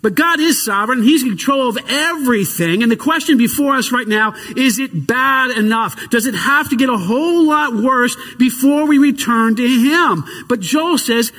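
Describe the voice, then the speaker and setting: A man preaching with fervor, his high, husky voice leaping up and down as he moves between hushed, slow passages and shouted calls. His words ring out with a long reverb in a large hall. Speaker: pastor. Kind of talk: sermon.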